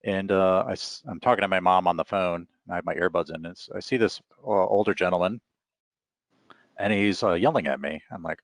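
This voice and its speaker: A middle-aged man speaking as an author guest in a relaxed, rambling interview chat. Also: low-pitched, a little fast, no room sound. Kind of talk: casual interview talk.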